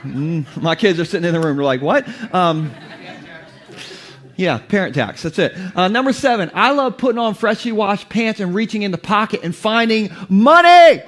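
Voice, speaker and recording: Jokey high-voiced male pastor. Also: normal speed, fairly bright tone. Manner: playful, joking, laughs often. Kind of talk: humorous sermon. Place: church basement before a congregation.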